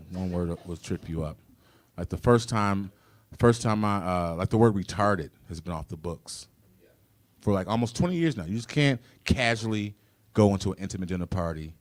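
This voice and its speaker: A man in his forties from the Midwest, a comedian and host doing a profane stand-up set and jumping into sudden high shrieks. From Chicago. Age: 40s. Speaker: comedian and game show host.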